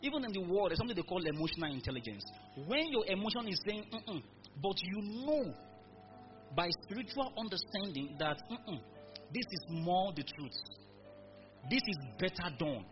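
A pastor with a high voice and big pitch swings preaches in church at a normal speed, using emphatic call-and-response and asking the congregation to repeat his words. The recording is dull, with music playing behind him.

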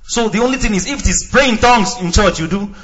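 A male pastor preaching a sermon, acting out little dialogues, swinging between shouts and quiet asides. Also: high-pitched, quick pace, lo-fi sound.

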